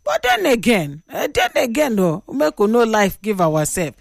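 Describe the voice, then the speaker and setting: A woman's voice: a little high, huge pitch swings, moderate pace, vocal fry, no room sound, clean studio sound. A woman with a Nigerian accent hosting a radio call-in show, chatty and opinionated as she tells a story. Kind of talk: casual radio talk.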